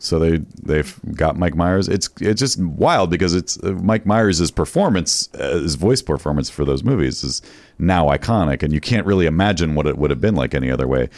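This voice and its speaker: A man co-hosts a podcast, chatting and telling stories while laughing easily. His voice is very deep. The sound is dry, with no room around it. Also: animated, normal speed, darkish tone, no room sound. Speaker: podcast co-host. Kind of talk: casual chat.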